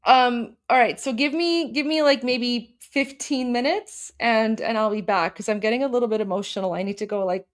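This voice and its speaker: A woman's voice: on the high side, moderate pace, hardly any pauses. A young woman hosting a political livestream, talking casually and emotionally to her viewers with many fillers and restarts.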